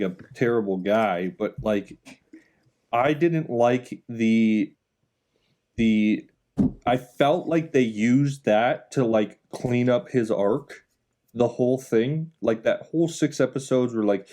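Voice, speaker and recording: A man's voice: medium pitch, slow pace, mellow. A young man on a casual podcast, blunt and casually profane in his opinions. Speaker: podcast co-host.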